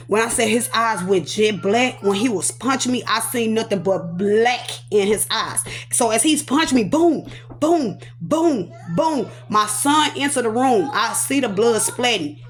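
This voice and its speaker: Dramatic woman telling her own story. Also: fairly high pitch. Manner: animated, dramatic storyteller voicing sound effects and repetitions; casual, talks aside to her children. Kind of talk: emotional personal testimony.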